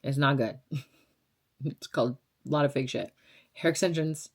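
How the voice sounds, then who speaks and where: A woman's voice: very deep voice, normal speed, husky. A woman in her twenties from Las Vegas, a radio DJ chatting casually as she answers viewer questions, blunt and sarcastic with fillers and laughs. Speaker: radio DJ and vlogger.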